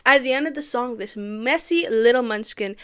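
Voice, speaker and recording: A young woman with a fairly high soprano voice chats through a movie like a fan talking to friends. She is excitable and dramatic, sinking into hushed whispers for the sad moments and getting loud when something annoys her. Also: moderate pace, loud music behind the voice. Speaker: YouTuber. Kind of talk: casual movie commentary.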